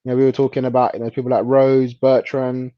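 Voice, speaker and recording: A man chatting casually about football as a co-host, relaxed and hesitant, often laughing. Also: medium pitch, quick pace, no room sound, muffled recording.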